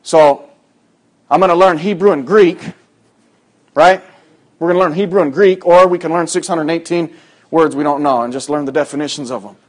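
Preacher, man, high-pitched, conversational sermon with sudden loud acted-out lines. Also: moderate pace, long pauses.

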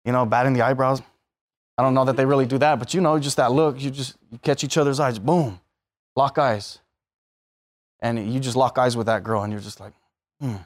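A man's voice: medium pitch, steady tone, brisk. A man preaching a sermon, telling everyday stories and acting out the voices of the people in them. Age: adult, married.

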